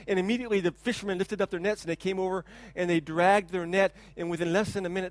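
A man's voice: high-pitched, fast, hardly any pauses. A male pastor preaching a sermon, telling a story earnestly with frequent restarts. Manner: earnest storytelling, quiet and reflective at the end.

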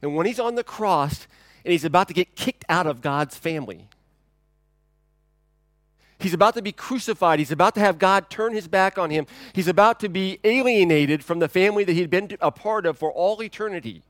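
Male pastor preaching a sermon, conversational, shifts from loud emphasis to near-whispers; a bit high-pitched, dry sound. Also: normal speed, no echo. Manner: conversational and dynamic, swinging from loud to hushed.

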